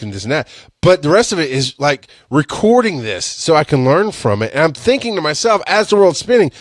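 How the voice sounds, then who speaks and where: A man hosting a podcast, telling a personal story in a casual, animated way, laughing and swearing, with sudden loud high-pitched outbursts. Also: brisk, no echo, studio quality. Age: adult with a young son. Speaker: podcast host.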